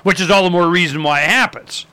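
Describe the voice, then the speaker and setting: A bright, slightly high man tells history in a lively, chatty way. He acts out quotes with gusto and fills his talk with casual asides. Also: quick pace, clean tone. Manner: animated storyteller, acts out quotes, many fillers.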